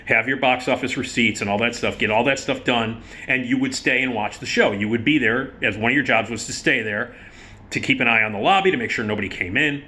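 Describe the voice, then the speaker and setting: A man telling a casual, profane theater story, animated and quick to laugh. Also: medium pitch.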